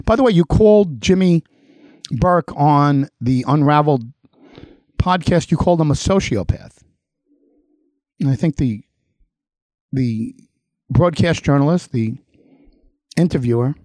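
A man's voice: fairly high pitch, measured pace, pauses often, darkish tone, dry recording. A middle-aged man with a Long Island accent hosting a political commentary show, delivering a heated monologue with emphatic repetition and addressing his targets directly.

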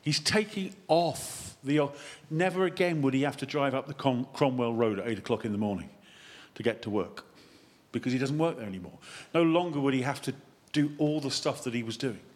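A man, a vicar, giving a lively sermon that wanders into chatty, self-mocking asides. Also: mid-range voice, fairly quick. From England. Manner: animated, chatty preaching with digressions and self-deprecating asides.

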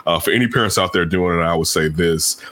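A man who is a parent, telling stories in casual chat, acting out quotes in high voices and laughing often. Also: quick pace, a bit bright.

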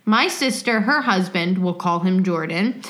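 A woman's voice: lowish voice, expressive, measured pace, a bit bright. A woman co-hosting a podcast, chatting casually and reading listener stories aloud in a rambling, jokey way. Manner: rambling, jokey, self-interrupting. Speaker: podcast co-host.

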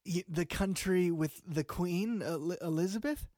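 A man's voice: sits high, unhurried, a little mellow, dry recording, clean studio sound. A man hosting an improvised comedy call-in show, talking in a rambling, earnest way that sometimes drops to near whispers. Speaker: talk show host.

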